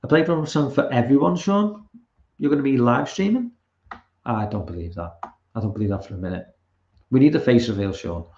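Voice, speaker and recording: A man's voice: mid-range voice, expressive, a little fast, darkish tone. A young man hosting a livestream, reading chat and ranting casually with lots of swearing and restarts. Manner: rambling, swearing, many restarts. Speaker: livestream host. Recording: roomy, dull lo-fi sound.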